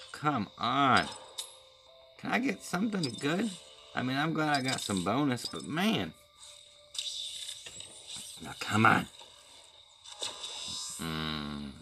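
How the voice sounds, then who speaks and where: A man's voice: mid-range voice, poor audio. A man giving casual running commentary while opening crates and playing a game, talking to himself. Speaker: gaming video creator.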